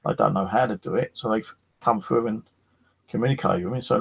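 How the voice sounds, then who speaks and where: Guy, husky and a bit fried, just rambling on about stuff, lots of "you know". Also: fairly low pitch, fairly quick, rough recording. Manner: rambling, swears freely, many fillers. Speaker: paranormal investigator. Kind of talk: casual storytelling.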